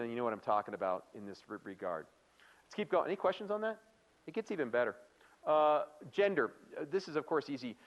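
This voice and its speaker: An American man with a voice on the high side gives a live workplace training lecture, chatty and playful. He often quizzes the audience with questions and acts out quoted remarks, and the audio is dull.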